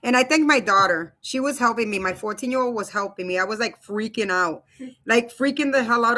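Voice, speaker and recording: Woman, thirties or forties, live stream host, chatty and informal, bright clear tone, webcam at home. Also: fairly high pitch, normal speed. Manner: chatty, loose, addresses viewers as "you guys". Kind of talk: casual live stream talk. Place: home room.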